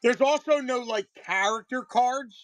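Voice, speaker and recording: A man's voice: extremely high pitch, unhurried, dry recording. A man in his thirties selling trading cards on a live stream, chatting casually in a rambling way with frequent restarts. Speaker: card seller on live stream.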